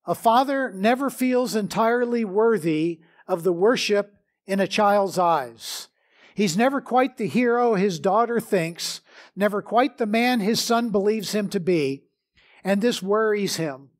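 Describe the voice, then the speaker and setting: A middle-aged man, a pastor, preaching a measured sermon with prayer and scripture reading. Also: high voice.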